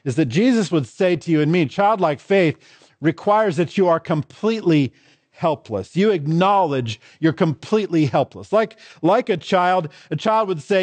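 A man's voice: high voice, lively intonation, moderate pace, a little mellow, no room sound. A man preaching a sermon as pastor, stressing and repeating his key phrases in contrasting pairs.

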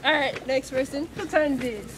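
A woman's voice: high-pitched, brisk, noisy background. A young woman joking with her cousins as she films herself asking shoppers questions in a store, playful and bossy. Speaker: vlogger asking strangers a survey. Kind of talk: casual chat among cousins. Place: big store, indoors.

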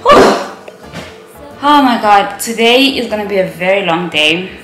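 A woman's voice: mid-range voice, animated, unhurried, over loud music. A woman in her twenties, talking casually to camera in a rambling, self-conscious way. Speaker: vlogger. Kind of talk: casual vlog chat to camera. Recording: echoey room.

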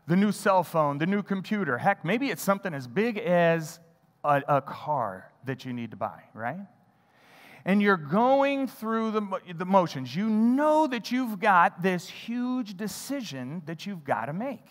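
High voiced pastor telling a story in church, lots of echo, acts out what he was thinking. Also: unhurried. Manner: animated storytelling, acting out his own thoughts. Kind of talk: sermon storytelling. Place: church sanctuary.

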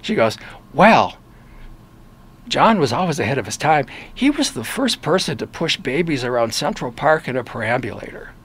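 An older man from Michigan with a local accent, a former reporter recounting interviews in a relaxed, animated conversational way. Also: mid-range voice, normal speed, breathy edge. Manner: animated storyteller who acts out quoted voices. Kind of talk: casual storytelling in an interview.

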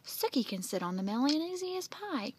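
A woman's voice: sits high, big pitch swings, a little fast, noisy background, pitched above the performer's own voice. A woman reading aloud and voicing an urgent, breathless young boy in a storybook. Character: panicky young boy afraid for his pig.

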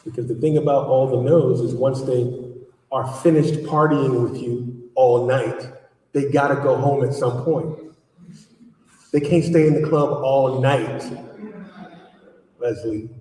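Man, author at a live event, lively storyteller, mellow tone, heard from far off in a big reverberant hall. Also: mid-range voice, unhurried, pauses often. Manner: animated storyteller, acts out dialogue. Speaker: author speaking at a book event. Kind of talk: storytelling talk to a live audience. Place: large echoey hall. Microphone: distant from the recording mic. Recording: echoey hall recorded from far off.

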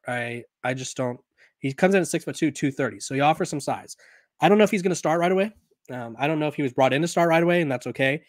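A man's voice: medium pitch, dry recording, clean studio sound. A man hosting a sports podcast in a casual, conversational way, often restarting and correcting himself, while he has the hiccups. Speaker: podcast host.

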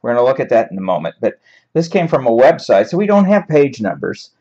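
Lively, wry man teaching a class. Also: medium pitch, fast. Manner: chatty, wry, animated, laughs at examples. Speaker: writing teacher. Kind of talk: classroom lecture on paraphrasing. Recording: dull lo-fi recording.

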